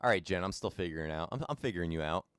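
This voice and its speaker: A man's voice: sits low, animated, very fast, fairly bright tone, smooth, no room sound, studio quality. A young man casually chatting with his viewers while streaming a video game, laid-back and talkative. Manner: chatty, laid-back, talks to chat by name. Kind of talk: casual live-stream chat.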